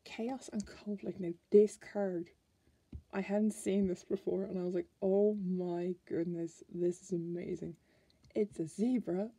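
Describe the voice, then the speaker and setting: Mellow, husky-voiced Irish woman. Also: mid-range voice. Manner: chatty, musing, trails off and restarts. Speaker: tarot card reviewer. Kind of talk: casual deck flip-through.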